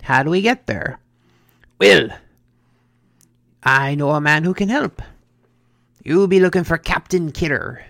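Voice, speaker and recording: A storyteller voicing a male bartender in an undersea bar, speaking in loud, blustery sailor talk. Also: mid-range voice, a little slow, gravelly, long pauses, dry recording, studio quality. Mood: helpful.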